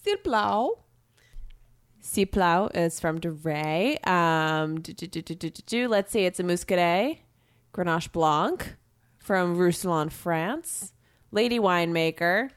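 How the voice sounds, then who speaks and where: A woman's voice: lowish voice, unhurried, clear, resonant tone, no echo. A woman co-hosting a podcast in casual chat, playful and teasing. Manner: playful, teasing, drawls "y'all". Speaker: podcast co-host.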